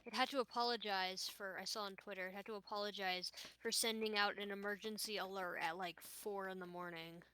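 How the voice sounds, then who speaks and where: Woman, mid-pitched, casual chat, chatty, reactive. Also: steady tone, brisk, few pauses, sharp tone, slight background noise, poor audio. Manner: chatty, shares news, reacts with surprise.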